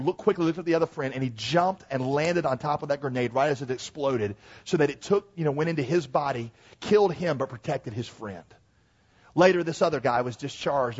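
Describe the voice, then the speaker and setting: A man preaching a sermon, swinging from hushed, slowed phrases to loud, rising peaks, with joking asides to the congregation. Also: mid-range voice, slightly rough, lo-fi sound.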